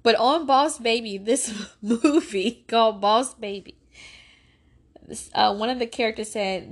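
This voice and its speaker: A woman's voice: on the high side, measured pace. Earnest woman preaching on faith. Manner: earnest, preacherly, repeats phrases for emphasis. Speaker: podcast host. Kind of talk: faith-based parenting talk.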